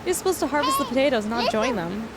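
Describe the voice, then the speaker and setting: A young woman from Canada chats casually with her stream audience while she plays a farming game. Her voice sits high, and she is self-deprecating and keeps thanking viewers. A clear hiss of noise runs under the mic. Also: lively intonation, quick pace. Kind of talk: casual livestream chat while gaming.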